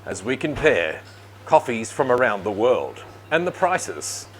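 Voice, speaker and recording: A man's voice: mid-range voice, big pitch swings, measured pace, slight background noise. An Australian man hosting a casual walk-and-talk vlog, filming himself on a handheld camera and rambling cheerfully as he thanks people. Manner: chatty, rambling, says thank you a lot. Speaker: vlogger host. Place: bakery and city street, indoors and outdoors.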